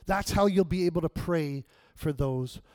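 A middle-aged man preaching a sermon, telling a personal story and acting out his own lines with rising pitch and volume. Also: moderate pace, no room sound. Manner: animated storyteller, acts out his own past quotes with rising pitch and loudness. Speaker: pastor.

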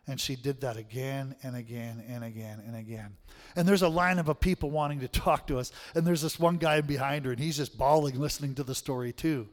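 A man's voice: mid-range voice, brisk, hardly any pauses, in a large hall. A man preaching a sermon in a conversational way, often checking in with the room with "right?".

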